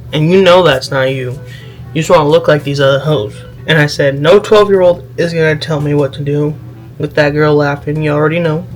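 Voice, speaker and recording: Sassy young man with high squeals. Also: low-quality recording. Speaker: vlogger. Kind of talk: casual chat reading comments.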